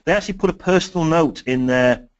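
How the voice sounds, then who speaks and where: A man with a Sheffield accent giving a business webinar talk, telling lively stories and acting out the dialogue. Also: a little high, fast talker, smooth, dull audio. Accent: Sheffield English. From England. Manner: lively storytelling, acts out quoted dialogue. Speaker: business speaker.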